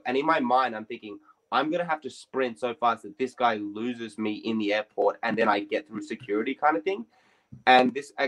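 A young man hosting a podcast, telling a story in a rambling, sweary, animated way. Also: mid-range voice, poor audio. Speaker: podcast host. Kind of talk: casual storytelling.

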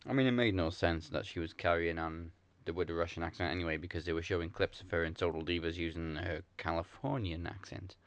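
A man co-hosting a casual wrestling podcast, explaining things in a relaxed way. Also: low voice, fast, no echo. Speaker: podcast co-host.

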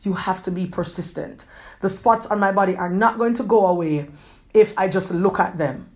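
A woman hosting a podcast, giving an earnest, rambling motivational talk, repeating herself often and talking quickly. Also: mid-range voice, darkish tone. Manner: quick talker who gestures a lot. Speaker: podcast host.

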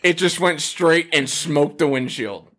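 A man's voice: on the high side, measured pace, fairly bright tone. A man in casual chat, laughing and bantering with friends.

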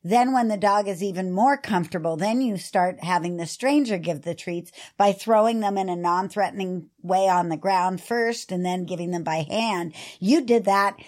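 A woman's voice: medium pitch, normal speed, few pauses, a little mellow. Enthusiastic woman trainer on a podcast. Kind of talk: casual chat.

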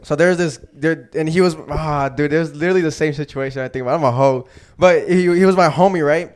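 A man's voice: on the high side, fast. A young man co-hosting a podcast, chatting casually with profane, joking remarks. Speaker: podcast co-host. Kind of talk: casual chat.

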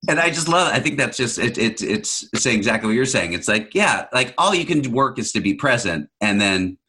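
A man hosting a conversation, speaking in a halting way with many pauses and fillers. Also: medium pitch, big pitch swings, pushed and bright, breathy edge, poor audio. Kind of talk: casual conversation.

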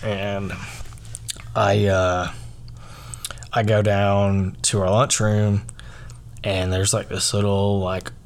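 A young man hosting a podcast, telling a personal story in a loose, rambling way, full of "like" and "um". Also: on the low side. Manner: rambling, filler-heavy, frequent "like" and "um". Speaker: podcast host.

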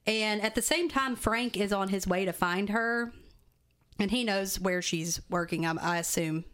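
A woman's voice: mid-range voice, a little slow, fairly bright tone. A woman co-host talks through a movie plot in loose, casual podcast chat. She rambles and restarts often, stringing scenes together with fillers.

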